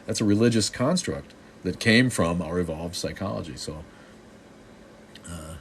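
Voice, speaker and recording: A middle-aged man with a very low voice, hosting a live stream and riffing on viewer comments. He is snarky and joking, and he talks loosely with many restarts. A faint hiss sits under the voice. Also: lively intonation, unhurried. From Boston.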